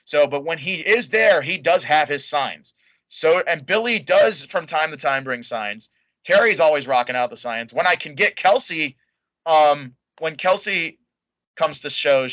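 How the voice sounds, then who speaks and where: A man with a high, bright voice chats as a guest on a podcast, rambling eagerly and stumbling through restarts. The sound is close and dry, with no room to it. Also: no echo, rough recording. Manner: enthusiastic and rambling, many fillers and restarts. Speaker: guest, wrestling fan. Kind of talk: casual podcast interview.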